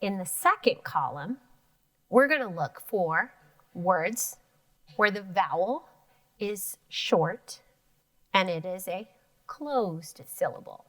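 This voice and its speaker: A woman's voice: on the low side, expressive, takes it slowly, pauses often, fairly bright tone. A woman teaching an elementary phonics lesson, sounding out words syllable by syllable.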